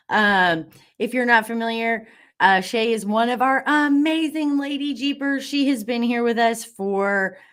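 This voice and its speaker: A woman hosting a live online class, bubbly and encouraging, reading out viewer comments with lots of fillers. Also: sits high.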